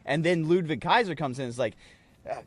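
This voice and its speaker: Animated, profane male podcast co-host. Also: a little high, fast talker, no echo. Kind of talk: casual chat.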